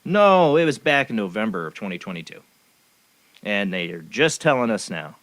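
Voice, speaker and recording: A man's voice: fairly low pitch, very animated, normal speed, fairly bright tone, dry recording. A man hosting a talk show, rambling along in a cynical, sarcastic way. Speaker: show host. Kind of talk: casual talk radio commentary.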